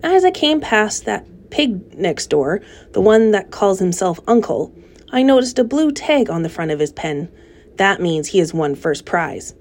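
A woman voicing a greedy, overfed male rat with a husky, sneering voice, reading a storybook aloud. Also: mid-range voice, sing-song, a little slow, a little mellow.

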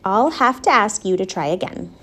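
A woman voicing a wise, kindly female barn spider in a storybook reading, speaking in a gentle but firm, patient way. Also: medium pitch, lively intonation, moderate pace.

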